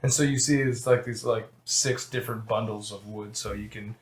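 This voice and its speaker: A man's voice: on the low side, steady tone, normal speed. A man running a tabletop game as game master, talking casually with many restarts. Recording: echoey room.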